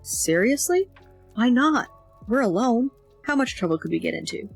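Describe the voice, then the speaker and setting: A woman's voice: on the high side, big pitch swings, moderate pace, vocal fry, slightly rough, soft background music, pitched above the performer's own voice, heavily acted. A woman voicing a teasing, adventurous teen boy. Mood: playful, coaxing. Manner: coaxing, playful.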